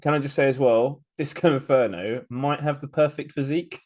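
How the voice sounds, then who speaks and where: A man's voice: mid-range voice, fairly even intonation, fairly quick, a little mellow. A man co-hosting a podcast, chatting animatedly, laughing often and swearing casually. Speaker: podcast co-host. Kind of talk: casual wrestling review chat.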